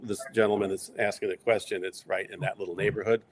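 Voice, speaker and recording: A middle-aged man telling long, rambling stories in a relaxed interview, acting out quoted lines along the way. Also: lowish voice, fast talker. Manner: rambling anecdotes with quoted asides. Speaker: interview guest. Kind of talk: casual storytelling.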